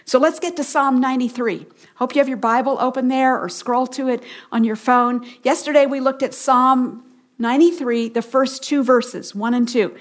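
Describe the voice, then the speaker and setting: A woman giving a radio Bible teaching as the host. She is earnest and emphatic, repeats key phrases, and sometimes drops to a soft hush for stress. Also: high-pitched, fairly even intonation, normal speed.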